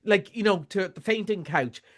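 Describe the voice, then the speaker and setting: A man's voice: sits high, normal speed, a bit bright. An Irish man chatting casually as a film reviewer, rambling with many restarts. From Ireland. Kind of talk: casual chat.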